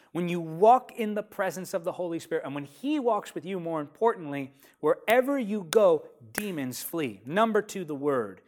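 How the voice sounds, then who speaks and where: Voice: medium pitch, a little mellow. Emphatic preacher with a rhythmic delivery. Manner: emphatic, repeats phrases for rhythm; slows down sharply to stress key lines. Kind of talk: sermon.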